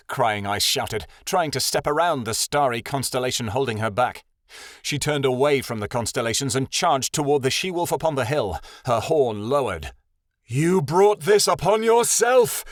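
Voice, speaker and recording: A man reading a fantasy audiobook aloud as narrator, in a steady, even storytelling read. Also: mid-range voice, no echo, clean studio sound.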